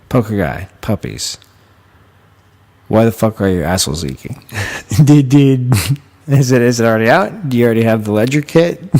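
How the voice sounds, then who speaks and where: A man's voice: medium pitch, darkish tone. A man hosting a casual comedic podcast monologue from a hotel room, rambling and profane, laughing often. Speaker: podcast host.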